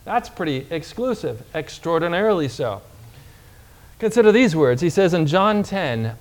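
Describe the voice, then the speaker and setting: A man preaching a sermon, reading scripture aloud with emphasis, slowing down on key words and asking the congregation questions. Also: on the high side, sing-song.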